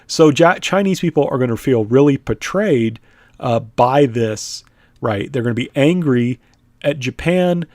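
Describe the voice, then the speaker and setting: A man gives a recorded history lecture in an easy, conversational way, often pausing to check with "right?" and filling gaps with "uh." His voice sits in a middle pitch. The recording is dry and close, with no room echo. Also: lively intonation, darkish tone. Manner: conversational, frequent "right?" and "uh" fillers. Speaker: history teacher.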